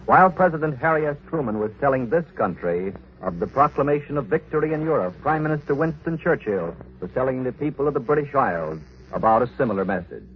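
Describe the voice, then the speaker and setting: A man announcing on a radio network in a formal, steady way. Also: medium pitch, fast talker. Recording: dull, lo-fi 1940s radio broadcast with faint hiss.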